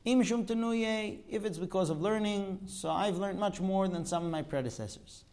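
A man's voice: high-pitched, normal speed, a little mellow. A man teaching a Talmud class, explaining texts and asking rhetorical questions. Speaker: religious teacher.

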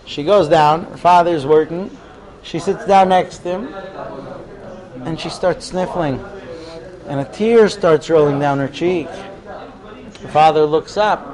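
A man's voice: on the high side, a little slow, pauses often, a crowd in the background, poor audio. A man teaching an informal Torah class in a chatty, storytelling way. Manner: conversational, digressive, tells stories.

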